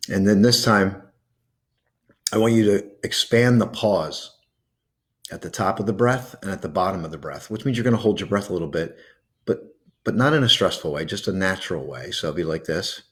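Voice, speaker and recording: A man hosting a video, guiding listeners through a calming breathing exercise in a gentle, coaxing way with soft pauses. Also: sits low. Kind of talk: guided breathing meditation.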